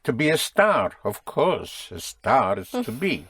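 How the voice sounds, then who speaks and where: A man's voice: mid-range voice, very animated, slow, hardly any pauses, fairly bright tone, husky, no room sound, clean studio sound. A man teaching a spoken language lesson, patiently drilling and correcting his students.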